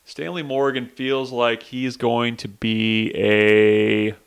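A man's voice: mid-range voice, little pitch movement, takes it slowly, creaky, clear, resonant tone. A man co-hosting a casual sports podcast, talking in a dry, teasing way. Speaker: podcast co-host.

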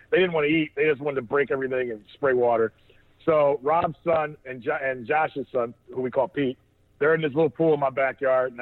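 A man telling a rambling story, full of restarts and laughter, as a podcast co-host. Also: mid-range voice. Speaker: podcast co-host on a phone line. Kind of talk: casual storytelling chat. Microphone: phone. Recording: tinny phone line.

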